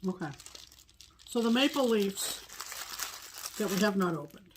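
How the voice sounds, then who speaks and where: A woman's voice: mid-range voice, expressive, unhurried, background noise. A woman co-hosting a casual chat, gushing and repeating her praise. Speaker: co-host.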